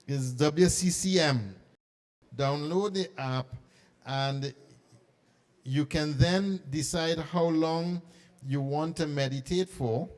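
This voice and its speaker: A middle-aged man, an archbishop speaking to a conference of school principals and leading them through a meditation. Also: fairly high pitch. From Trinidad and Tobago. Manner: animated and coaxing, then slow and hushed in prayer. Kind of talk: talk guiding a meditation. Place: conference hall.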